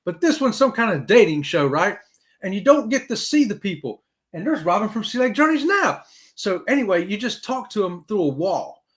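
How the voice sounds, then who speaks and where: A middle-aged man, hosting a casual live-stream chat and talking straight to his viewers. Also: moderate pace. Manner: animated, talks straight to viewers with "y'all", swoops high for emphasis. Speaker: host of a live cruise chat show.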